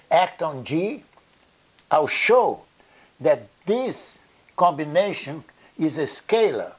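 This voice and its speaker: Slow, halting man lecturing on math. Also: medium pitch, slightly rough. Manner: halting, repeats words, checks in with "okay?" and "you see". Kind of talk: blackboard lecture.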